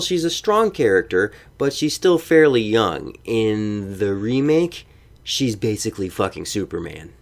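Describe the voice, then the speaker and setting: A man giving a comedic, profane game review voice-over. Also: medium pitch. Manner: profane, animated.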